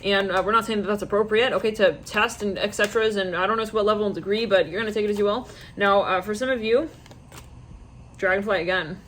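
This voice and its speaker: A woman giving a casual, rambling psychic tarot reading to her viewers, slipping into quick quoted asides. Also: mid-range voice, fairly even intonation, fairly bright tone, slight background noise. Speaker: tarot reader.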